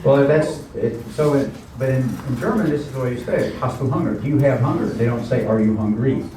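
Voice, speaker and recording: A man's voice: mid-range voice, a little fast, background noise. A man teaching a language class in a chatty way, repeating words and explaining them with asides. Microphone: camera mic at a distance. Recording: very echoey room, distant camera mic.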